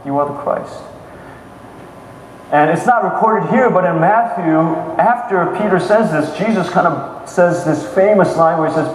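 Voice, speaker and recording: Male pastor, animated sermon delivery, voice on the higher side, recorded far off in a reverberant hall. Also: moderate pace, slight background noise. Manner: animated retelling of scripture with many restarts. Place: church sanctuary. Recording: echoey hall with faint ambience.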